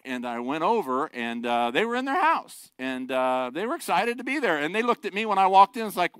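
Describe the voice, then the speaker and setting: Male pastor, middle-aged, sermon, conversational, joking asides, animated pitch, dry close sound. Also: moderate pace, clean tone, no room sound.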